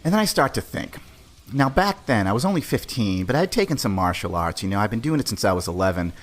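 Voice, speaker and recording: A man's voice: fairly low pitch, sing-song, fast. A man in his forties from the Boston area, hosting a podcast and telling a story in a loose, profane, chatty way. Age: 40s. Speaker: podcast host. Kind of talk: casual storytelling.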